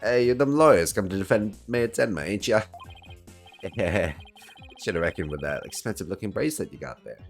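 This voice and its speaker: A man's voice: lowish voice, lively intonation, fairly quick, faint music behind, voice pushed up. A man voicing a sneaky, scheming male caretaker in a put-on New York accent, drawling and brash.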